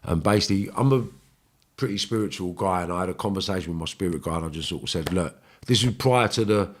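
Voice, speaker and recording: A man with a London accent tells a long story in a casual podcast chat. His voice sits fairly low, and he talks bluntly, swearing freely as he acts out the voices of the people in his tale. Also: fast. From England. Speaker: podcast guest.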